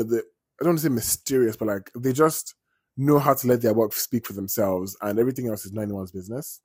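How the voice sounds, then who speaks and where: Chatty man with a husky voice. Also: medium pitch, darkish tone, dry recording, clean studio sound. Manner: chatty, digressive, swears casually. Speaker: vlogger. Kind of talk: casual storytelling commentary.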